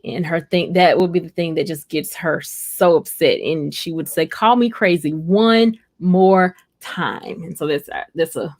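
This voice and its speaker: On a relaxed livestream, a woman talks to her viewers directly, reading their comments and answering in a heartfelt, meandering, chatty way. Her pitch is fairly low, her tone darkish, and there's vocal fry.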